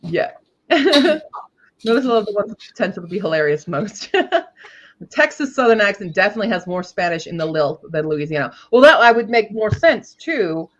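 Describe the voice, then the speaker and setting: A woman's voice: mid-range voice, sing-song, normal speed, highs cut off. A woman co-hosting a casual writing-sprint stream, chatting and musing aloud with frequent laughs. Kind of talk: casual group chat on a livestream.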